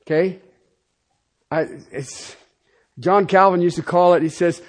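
A middle-aged pastor delivers an emphatic sermon, alternating between loud proclamations and soft asides. His voice is high and steady, and he takes his time, leaving long pauses.

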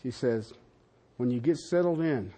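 An older man preaching a sermon, animated and conversational, with frequent asides to the congregation. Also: measured pace. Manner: animated preaching with wide swings in pitch and loudness, asides to the audience. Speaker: pastor.

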